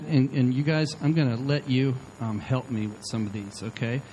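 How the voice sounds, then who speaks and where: A man's voice: mid-range voice, measured pace, slight background noise, low-quality recording. A man preaching to a live audience into a handheld microphone, acting out the people in his stories. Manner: animated, acts out quotes of the people in his stories. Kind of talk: sermon storytelling to a live audience.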